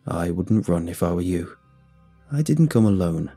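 A man voicing a calm, menacing male secret government agent who delivers threats in a cool, measured way. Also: low voice, slightly rough, faint music behind, full character voice. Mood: cold, calm.

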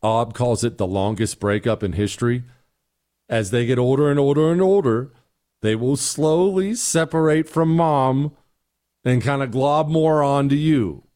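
A man's voice: medium pitch, measured pace, warm tone. A middle-aged man hosting a talk show, giving emphatic, sarcastic opinions and answering listener emails. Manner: emphatic, sarcastic, repeats points.

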